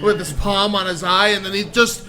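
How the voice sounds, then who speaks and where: A man's voice: sits high, flat delivery, normal speed, bright, forceful tone, soft background music. A man co-hosting a live comedy podcast, telling loose, crude, rambling stories. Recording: live audience noise behind.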